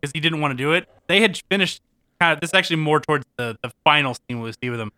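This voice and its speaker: A man relates trivia in an easygoing, storytelling manner. His voice is slightly high and bright. The recording is dry. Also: fast talker, no echo. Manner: shares trivia in a relaxed, storytelling way. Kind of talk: casual chat.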